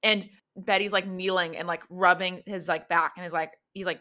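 A woman's voice: fairly low pitch, little pitch movement, moderate pace, sharp tone. A woman running a tabletop horror game as game master, narrating in a casual, rambling way with many fillers. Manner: casual, filler-heavy storytelling.

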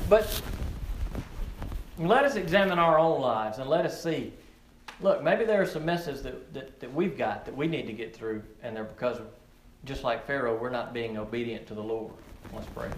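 A man preaching a sermon, earnest, often repeating words as he builds to emphatic, rising peaks and then drops low. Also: lively intonation, normal speed, pauses often. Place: outdoor or open church setting with frog croaking nearby. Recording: echoey room with faint ambient noise.

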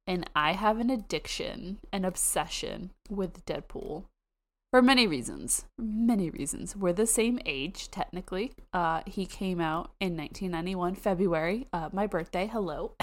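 A young woman from the United States co-hosting a podcast, chatting casually and excitedly with quick asides and frequent laughs. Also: lowish voice. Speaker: podcast co-host. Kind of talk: casual chat.

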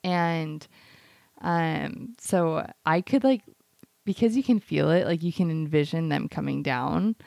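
A woman on a podcast mic with a low, gravelly voice, telling a long story in a loose, rambling way. She leans on "like" every few words. The recording is dry and close, with no room sound. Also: slow, darkish tone, no echo. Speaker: podcast co-host. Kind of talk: casual podcast chat.

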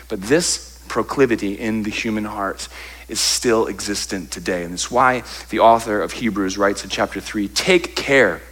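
With a lowish, bright voice and a forceful tone, a male pastor opens his sermon with a humorous personal story. He acts out his complaints for laughs and then moves on to scripture.

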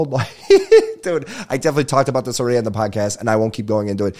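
A man's voice: fairly low pitch, steady tone, fast talker, a little mellow. A male comedian hosting his own podcast, telling rambling stories with swearing and laughter. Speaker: podcast host. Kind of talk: casual comedic monologue.

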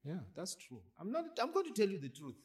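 A man's voice: high-pitched, huge pitch swings, a little fast. A man preaching a sermon as pastor, pressing the congregation with repeated questions like "are you hearing me". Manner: call-and-response preaching, repeated rhetorical questions.

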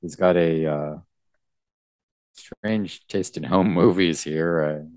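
A man co-hosting a comics podcast, recapping the story casually in a rambling, hesitant way. His voice is deep and his pace unhurried. The sound is dry and close. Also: a little mellow, dry recording, dull audio. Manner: rambling, hesitant, with fillers and restarts. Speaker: podcast co-host.

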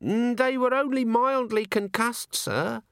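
Cheery Littlebottom, a man doing a high nervous dwarf. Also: a little slow, fairly bright tone, clean tone, dry recording, clean studio sound, exaggerated voice. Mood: nervous, earnest. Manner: hesitant, polite, keeps adding sir. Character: nervous young dwarf alchemist, eager, earnest. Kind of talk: audiobook character voice.

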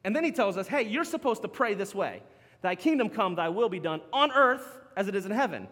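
A man with a fairly high voice preaches a sermon, casual and animated, breaking into laughter between points. His voice rings with a long reverb, like a church sanctuary. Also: brisk. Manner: animated, chatty, laughs often. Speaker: pastor.

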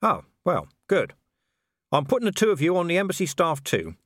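A man's voice: a little high, wildly swooping pitch, normal speed, fairly bright tone, no room sound, studio quality, voice pushed up, full character voice. A man voicing a blunt, weary commander of the city watch who speaks dryly and impatiently. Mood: grumbling, wry.

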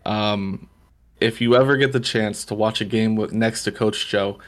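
A man's voice: on the low side, steady tone, moderate pace. Male guest, friendly, easygoing, casual chat. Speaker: podcast guest.

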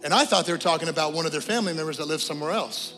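A high-pitched man preaches a sermon from the pulpit, moving from animated storytelling to a soft, prayerful invitation. His voice carries a long church reverb, with faint music underneath. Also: rapid-fire. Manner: animated storytelling, then a quiet prayerful altar call. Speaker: pastor. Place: church sanctuary.

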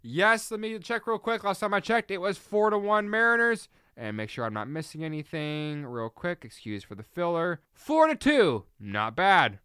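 Animated sarcastic sports podcast host. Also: male voice, high voice, moderate pace, hardly any pauses, clear, resonant tone, no echo, clean studio sound. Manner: animated, sarcastic, rambling with self-corrections. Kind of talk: solo sports podcast rant.

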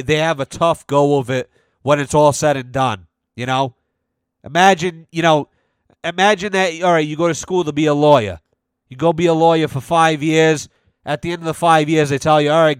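A man's voice: on the high side, smooth, dry recording. An American man hosting a podcast alone, rambling in a loose, profane, jokey way and sounding tired. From United States. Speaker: podcast host. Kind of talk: casual solo podcast rant.

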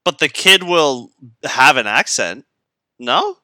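A young man from Canada co-hosting a podcast, chatting casually, swearing freely and laughing loudly. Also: mid-range voice, animated, takes it slowly, no echo, studio quality. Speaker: podcast co-host. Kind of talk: casual chat.

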